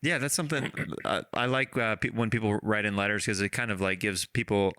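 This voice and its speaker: A man hosting a podcast in casual chat, laughing often and halting with fillers. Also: lowish voice, steady tone, bright, forceful tone, smooth, no room sound, studio quality. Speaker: podcast host.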